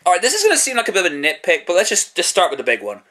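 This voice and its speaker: A man's voice: high voice, huge pitch swings, rapid-fire, pushed and bright. A British man giving a casual, sarcastic spoken review, swearing freely and cracking self-mocking jokes. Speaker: TV show reviewer.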